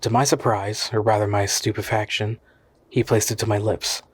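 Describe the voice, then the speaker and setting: A man reading a classic novel aloud in steady, measured narration. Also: on the low side, husky. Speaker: audiobook reader.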